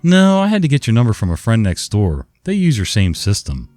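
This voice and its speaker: A man's voice: lowish voice, huge pitch swings, brisk, darkish tone, no room sound, soft background music. A man voicing a stubborn, evasive male caller in a whiny, raised voice.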